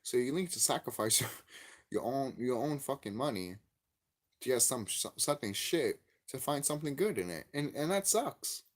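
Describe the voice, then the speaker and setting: A man giving a profane, angry vlog rant about a game, repeating himself and cursing. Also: normal speed. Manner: angry, profane, repetitive ranting; lively swinging pitch, gets loud and high when worked up. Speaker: YouTube game commentator. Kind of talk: ranting vlog commentary.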